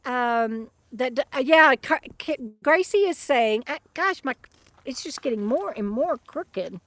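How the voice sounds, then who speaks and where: A chatty middle-aged woman with a fairly high voice rambles through a casual livestream, stumbling over her restarts as she answers viewers. She talks close to the mic, with a dry sound and little room around her. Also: expressive, a little slow, fairly bright tone, no echo. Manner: rambling and chatty, with many restarts and fond asides to her dog. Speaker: vlogger and author living in a van. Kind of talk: casual livestream chat reading viewer comments.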